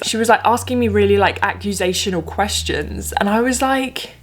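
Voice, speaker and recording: A woman's voice: mid-range voice, a little fast, few pauses. A young woman vlogging in a chatty, ranting way. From England. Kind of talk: casual vlog chat.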